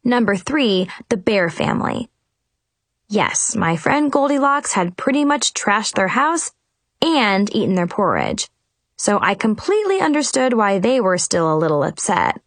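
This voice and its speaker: Animated woman reading a storybook aloud. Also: medium pitch, unhurried, no echo. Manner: animated, expressive, chatty. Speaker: audiobook narrator. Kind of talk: first-person storybook narration.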